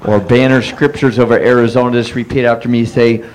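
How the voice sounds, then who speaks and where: A man's voice: mid-range voice, fairly quick, poor audio. Man pastor leading call and response. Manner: energetic call and response, declaring blessings. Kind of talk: leading a church service.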